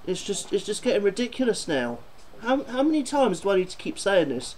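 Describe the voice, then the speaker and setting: A man's voice: high-pitched, big pitch swings, brisk, a little mellow, a little hiss or hum, poor audio. A man doing a football fan video, ranting and swearing in exasperation about his team.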